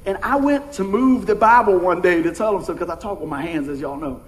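A man's voice: high voice, fairly quick, rough recording. A middle-aged man preaching a sermon in a folksy, conversational way, calling out to his congregation. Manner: folksy, conversational preaching with audience call-outs. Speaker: pastor.

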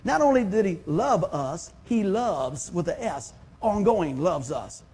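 A middle-aged man preaching a sermon as pastor, talking to the congregation in a conversational, animated way with sudden loud exclamations. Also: high voice, measured pace, slightly rough.

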